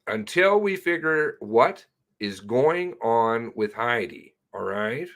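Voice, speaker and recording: A man, a police sergeant, gives a halting, profane retelling of an incident in a recorded statement, correcting himself as he goes. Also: mid-range voice, big pitch swings, a bit bright.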